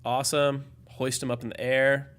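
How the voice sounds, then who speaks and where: A man's voice: mid-range voice, normal speed, smooth. A young man in his twenties, a podcast guest, telling a casual story full of "like" and fillers. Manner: animated, filler-heavy storytelling with lots of "like".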